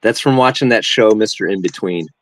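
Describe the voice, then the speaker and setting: A man co-hosting a live stream on a video call, chatting in a relaxed, enthusiastic way. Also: lowish voice, brisk, no room sound, rough recording. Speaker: stream co-host. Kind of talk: casual chat.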